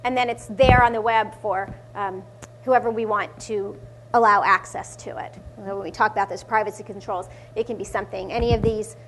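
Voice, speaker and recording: A woman's voice: mid-range voice, slight background noise, rough recording. A woman co-presenting a live conference workshop, explaining tools and chiming in alongside her partner.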